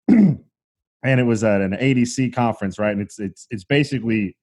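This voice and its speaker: A man hosting a podcast, telling anecdotes in an animated, profane, rushing way. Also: medium pitch. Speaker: podcast host. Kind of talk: casual storytelling chat.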